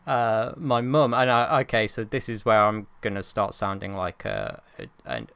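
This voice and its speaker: Young bloke chatting on a podcast, bit of fry, dry close sound, swears a lot. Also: male voice, lowish voice, expressive, normal speed, fairly bright tone, no echo. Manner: chatty, self-mocking, swears freely. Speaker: podcast co-host. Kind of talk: casual chat.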